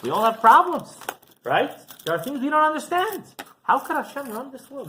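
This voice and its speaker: Man, rabbi, sermon, storytelling, frequent "right?", very lively pitch. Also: brisk, a little hiss or hum, poor audio. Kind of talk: Torah class sermon.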